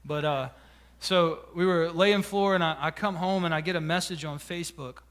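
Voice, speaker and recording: A man's voice: on the high side, fairly even intonation, moderate pace, fairly bright tone. A man, a pastor preaching a sermon and telling a personal story with emotion and frequent restarts. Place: church sanctuary.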